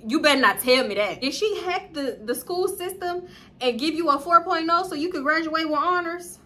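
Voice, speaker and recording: A woman with a Southern US accent telling a casual storytime, slangy and profane, jumping in pitch as she acts out what others said. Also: moderate pace. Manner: animated, acts out quoted dialogue with big pitch jumps; slangy, profane, addresses viewers as y'all. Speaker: storytime vlogger.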